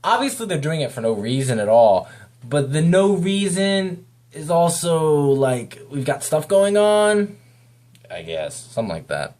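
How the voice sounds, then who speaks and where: A man's voice: on the high side, big pitch swings, unhurried, a little mellow. A man giving a casual, rambling spoken review of a video, talking off the cuff.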